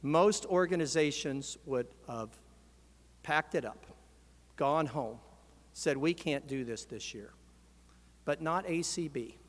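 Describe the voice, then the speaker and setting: An American man, an organization's president, gives a convention speech in a large hall and rouses the crowd to shout and chant. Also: fairly high pitch, slow, long pauses.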